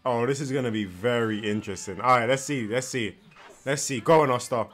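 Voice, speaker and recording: A young man giving casual, animated reaction commentary while watching, tired and yawning, with slangy asides and frequent repeated words. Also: mid-range voice, a little fast. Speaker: anime reaction host. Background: faint anime soundtrack.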